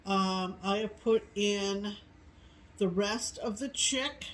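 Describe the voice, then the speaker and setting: Casting: middle-aged woman co-host, unhurried, meandering with ums, from New England. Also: mid-range voice, slight background noise, low-quality recording. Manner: slow, rambling with many ums. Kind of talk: casual chat.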